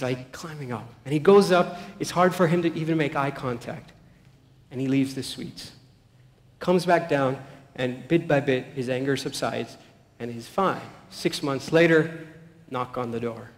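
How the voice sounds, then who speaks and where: A man with a fairly high voice gives a talk on stage in a large hall. He tells animated stories and acts out the quoted lines. His voice rings with a long, roomy reverb. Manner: animated, anecdotal, acts out quotes, soft-spoken at key points. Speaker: speaker giving a talk. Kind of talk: storytelling public talk.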